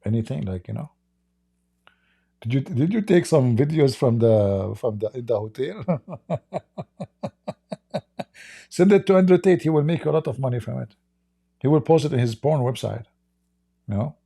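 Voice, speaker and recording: A man's voice: mid-range voice, lively intonation, moderate pace, vocal fry, pauses often, mellow, slightly rough, no room sound, clean studio sound. A man hosting a livestream, giving sarcastic, joking commentary on a video clip and laughing often. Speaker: livestream host.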